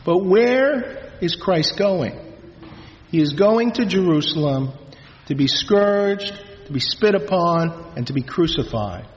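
A man, a priest, reading scripture and preaching a sermon in a solemn, measured way in a church. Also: sits high, animated. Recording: reverberant church, dull lo-fi sound.

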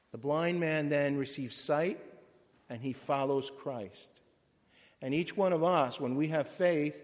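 A man, a priest, reading scripture and preaching a sermon with a solemn, measured cadence. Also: medium pitch. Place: church. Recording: long church reverb.

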